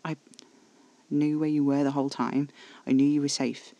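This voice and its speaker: A man voicing a brooding, restrained vampire who speaks quietly and tightly. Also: fairly high pitch, flat delivery, normal speed, close to an everyday voice. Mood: remorseful whisper. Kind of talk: audio drama reading.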